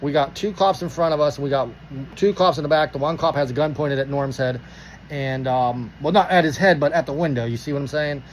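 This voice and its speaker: Fast-talking profane man from Pittsburgh. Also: a little high, slight background noise, rough recording. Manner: profane, animated, acts out dialogue. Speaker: storyteller. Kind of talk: casual storytelling.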